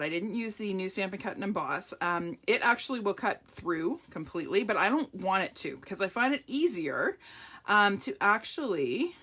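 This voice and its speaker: Her voice is medium in pitch with a sharp tone. Running a live card-making demo, she chats with viewers and greets them by name, with a catch in her throat.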